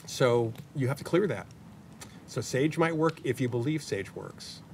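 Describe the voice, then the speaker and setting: An animated man in his sixties, talking a little slowly, shares anecdotes and jokes as a paranormal investigator guest in an interview. The setting is a community media studio, and the distant mic carries a faint rumble.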